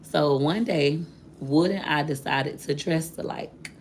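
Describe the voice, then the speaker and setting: A woman's voice: sits low, unhurried, a little hiss or hum. A woman vlogger telling viewers a personal story in a candid, chatty way, addressing them directly.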